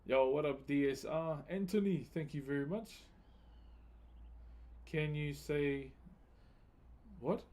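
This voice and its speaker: Man, New Zealand accent, slightly high voice, mellow tone, laid-back slangy live-stream chat. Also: takes it slowly, pauses often. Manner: laid-back, slangy, greets viewers by name. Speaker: livestreaming wood carver.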